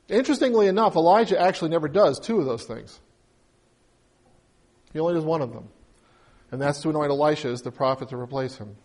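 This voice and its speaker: A man's voice: on the high side, animated, quick pace, pauses often, a little mellow. A man preaching a conversational sermon, retelling the story with humor and acting out the characters' pleas with rising emotion. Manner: conversational, acts out biblical voices with rising emotion. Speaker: pastor.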